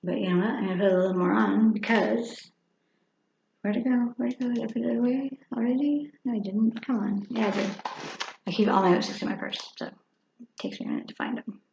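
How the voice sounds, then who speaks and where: A woman's voice: on the high side, fairly quick, creaky, darkish tone, slight background noise. A woman over fifty chatting casually through a makeup tutorial, rambling and talking to herself as she works. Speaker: makeup vlogger. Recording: echoey room, dull lo-fi sound.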